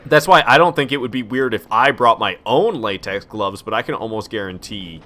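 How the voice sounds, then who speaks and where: Chatty young male game streamer, low voice. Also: animated, fairly quick, bright, forceful tone. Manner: rambling, chatty, reads chat aloud. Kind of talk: casual gameplay stream chat.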